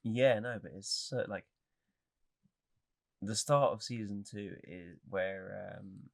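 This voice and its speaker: Low-voiced laid-back male podcaster. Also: slow, gravelly. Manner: relaxed, hesitant, many fillers and restarts. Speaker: podcast co-host. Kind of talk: casual chat about anime.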